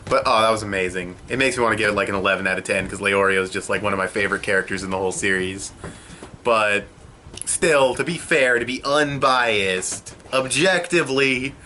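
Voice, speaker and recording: A young man giving an excitable, profane casual review of an anime episode from a room at home. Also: fairly low pitch, fairly quick, a little hiss or hum. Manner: excitable and profane, swears often.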